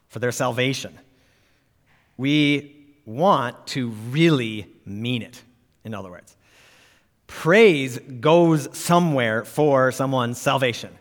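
A man delivers a sermon as a pastor, his voice sitting at a middle pitch. He stresses key words emphatically and keeps asking his listeners questions. The recording rings with a long hall reverb. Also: fairly bright tone.

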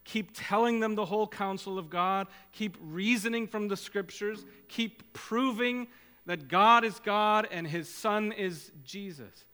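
A man's voice: high voice, unhurried, sharp tone. A man preaching a sermon as pastor, urging his listeners on with earnest, repeated exhortations. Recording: long hall reverb.

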